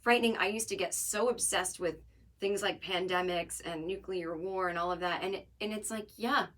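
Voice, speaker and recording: A woman's voice: lowish voice, moderate pace, fairly bright tone. A woman hosting her podcast alone, talking casually in a wry, joking, rambling way. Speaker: podcast host. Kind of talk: casual solo monologue.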